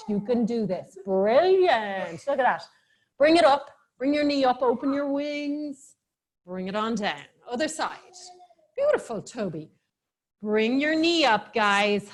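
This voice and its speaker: A woman's voice: fairly high pitch, animated, measured pace. A woman teaching a live online yoga class for children, giving playful, encouraging cues and laughing often over a video call.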